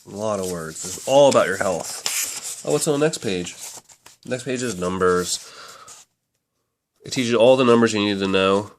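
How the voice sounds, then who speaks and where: Casting: low-voiced man, relaxed rambling reviewer, talks things through out loud. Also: moderate pace, pauses often, a little hiss or hum. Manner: chatty, rambling, self-correcting. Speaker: book reviewer. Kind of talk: casual book review to camera.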